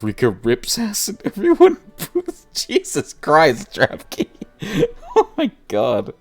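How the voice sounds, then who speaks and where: A man's voice: fairly high pitch, wildly swooping pitch, slow, soft background music. A man streaming a visual novel, reading the story aloud and chatting casually with viewers, laughing often.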